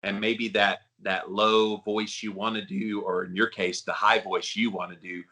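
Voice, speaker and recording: A man's voice: fairly low pitch, level tone, unhurried, sharp tone. A man hosting a podcast, chatting in a friendly, rambling way with his guest. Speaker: podcast host. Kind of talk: casual interview chat.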